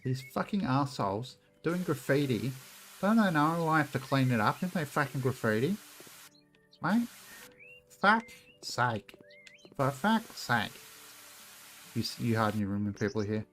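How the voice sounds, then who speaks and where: With faint music behind him, a man with a mid-range, slightly bright voice streams a game and chats casually with his viewers. He's very animated but keeps a measured pace, pausing often, rambling into asides to chat and swearing a lot.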